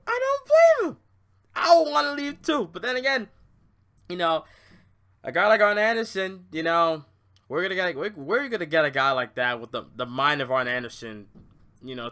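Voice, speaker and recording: A man's voice: high voice, sharp tone. Profane, exasperated young man ranting. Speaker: podcast host. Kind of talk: casual wrestling rant.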